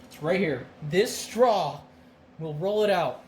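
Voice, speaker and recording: A chatty streamer cooking at home on a live stream, mid-pitched voice with plenty of laughs, and a clear hiss of noise under everything. the talk jumps around, full of restarts and asides. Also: expressive, slow pace. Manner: rambling, chatty, laughs often. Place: home kitchen.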